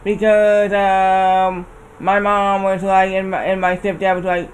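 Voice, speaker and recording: Man, high voice, casual game-stream chatter, rambling anecdote, faint background noise. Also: completely flat delivery, measured pace, rough recording. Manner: rambling storyteller, repeats himself. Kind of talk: casual chat while gaming.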